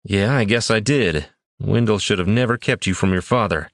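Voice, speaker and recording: A man's voice: fairly low pitch, moderate pace, a bit bright, dry recording, studio quality. Man voicing a frantic, guilt-torn adventurer. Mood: weary, firm. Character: desperate male adventurer, grieving a friend.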